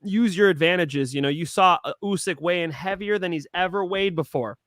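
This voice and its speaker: A man co-hosting a casual sports betting podcast, animated and swearing freely. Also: high-pitched, a little fast, no room sound. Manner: animated, swearing, rising emotion. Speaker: co-host of a betting picks show.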